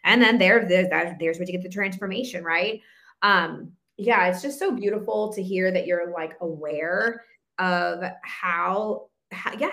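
Encouraging woman hosting a faith podcast. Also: mid-range voice. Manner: warm affirming, encouraging. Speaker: podcast host and Christian coach. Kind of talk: casual faith-based conversation.

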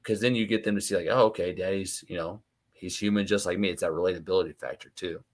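A man's voice: low voice, fairly even intonation, fast talker. A man in his thirties, a podcast guest, talking about raising his kids in a reflective, casual way with lots of fillers. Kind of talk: casual conversation.

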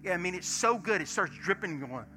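Soft worship music plays behind a high-pitched pastor who preaches at a quick pace in a church sanctuary. Telling stories throughout his sermon, he animatedly acts out dialogue and shifts between hushed asides and shouted bursts.

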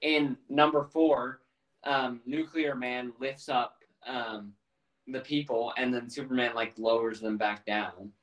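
A man co-hosting a casual podcast chat, running through a story in a loose, meandering way. His voice sits at a middling pitch. He sounds set back from the microphone, with a roomy echo around him. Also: steady tone, slow, fairly bright tone. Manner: loose, rambling plot recap with many fillers. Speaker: podcast co-host. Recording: roomy, distant mic.

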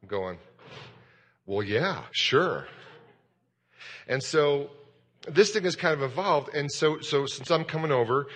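Candid pastor preaching in a reverberant hall. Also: male voice, a little high, moderate pace. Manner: candid, self-deprecating, rambling and animated. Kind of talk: sermon.

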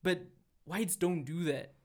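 A young man from South Africa with a somewhat high voice talks in a casual podcast chat. He is animated and blunt, swears freely, and repeats his points for emphasis. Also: takes it slowly.

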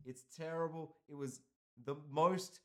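A man in casual chat, animated and quick to laugh, with some casual swearing. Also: a little high.

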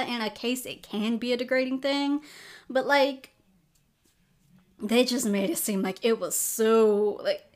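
A young adult woman hosting a podcast, giving a casual, rambling movie review full of "like" fillers. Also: a little high. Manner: chatty, rambling, lots of "like" fillers. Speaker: podcast host. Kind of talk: casual film review commentary.

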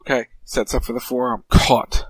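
Man briskly recapping a wrestling match. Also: medium pitch, level tone, husky, no room sound, poor audio. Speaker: podcast co-host.

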